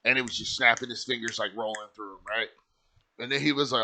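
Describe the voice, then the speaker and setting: A man's voice: mid-range voice, steady tone, fast, pushed and bright. A man casually telling a personal story, loose and profane, with lots of filler words.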